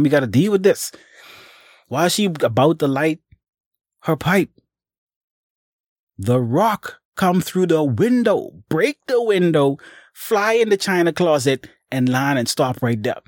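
A man's voice: mid-range voice, no room sound, studio quality. A man telling a ghost story in a casual, dramatic way, acting out the sound effects and speaking straight to his listener. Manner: colloquial, addresses the listener directly.

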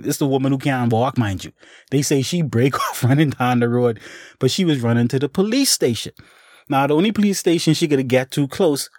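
A man's voice: mid-range voice, darkish tone, dry recording, studio quality. A man telling a ghost story in a casual, dramatic way, acting out the sound effects and speaking straight to his listener. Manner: colloquial, addresses the listener directly.

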